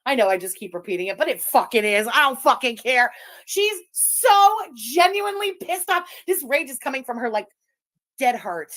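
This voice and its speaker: A woman's voice: high voice, big pitch swings, normal speed, fairly bright tone. A woman streamer gleefully mocking a clip and thanking viewers, swearing freely. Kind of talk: livestream reaction commentary.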